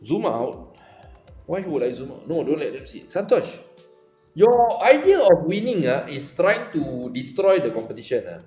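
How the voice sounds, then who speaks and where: A man's voice: a little high, sing-song, normal speed, dark tone, reverberant, faint music behind. A man with a Singaporean accent teaching a live online maths lesson, chatting playfully and teasing students as they compete in a quiz. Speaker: maths tutor.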